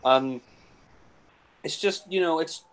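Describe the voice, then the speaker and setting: A man's voice: fairly high pitch, slow pace, low-quality recording. A man casually commentating on a film, blunt and crude, with lots of fillers like "you know".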